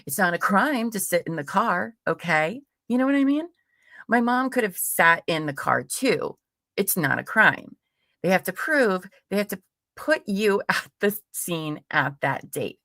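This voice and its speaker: A woman's voice: medium pitch, sing-song, measured pace, sharp tone, no echo, studio quality. A woman hosting a live true crime stream, reading a transcript aloud and breaking off into casual, profane commentary with laughing asides. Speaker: true crime livestream host. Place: home streaming setup.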